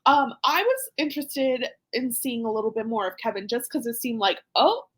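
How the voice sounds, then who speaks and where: A high-voiced woman hosts a podcast in a loose, chatty way. She talks with lively energy and breaks into laughter often. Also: moderate pace. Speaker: podcast host. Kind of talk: casual recap chat.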